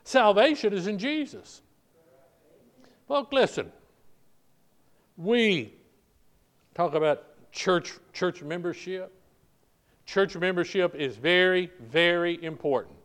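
An older pastor with a drawl preaches a sermon with emphatic repetition and frequent restarts. His voice sits a little high for a man, and he keeps calling on the congregation to listen. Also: expressive, slow, pauses often, fairly bright tone.

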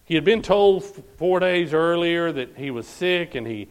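Male preacher, emphatic and repetitive, slightly high voice, reads verses. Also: expressive, normal speed, smooth, rough recording. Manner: emphatic, repeats phrases, asks "All right?". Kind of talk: sermon.

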